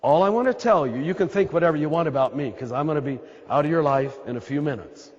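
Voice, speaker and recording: A throaty American man preaching as a priest, his voice sitting a little high for a man. He is emphatic, circles back on his points and talks straight to the crowd. The sound is dull and lo-fi and rings with a long hall reverb. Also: fast talker. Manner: emphatic and repetitive, speaks straight to the listeners. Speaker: Catholic priest. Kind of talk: spiritual talk to a live audience. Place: large hall with an audience.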